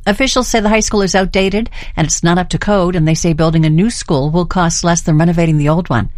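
A woman reading local news and weather in a steady, even way. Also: fairly low pitch, quick pace, no room sound, studio quality. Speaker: local newscaster.

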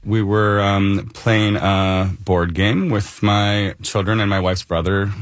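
A very deep-voiced man in his thirties, from Canada, talks a radio host through his story. He speaks casually, with plenty of ums and a light chuckle now and then. The sound is dry and close. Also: fairly even intonation, slow pace, no echo. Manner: conversational, with fillers and light laughs. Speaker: local resident interviewed. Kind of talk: phone-in radio interview.

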